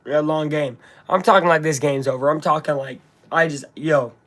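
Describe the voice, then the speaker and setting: Speaking a little fast in a fairly high, bright voice, this man does live fan commentary on a game. He rambles casually through the play by play and vents his frustration openly.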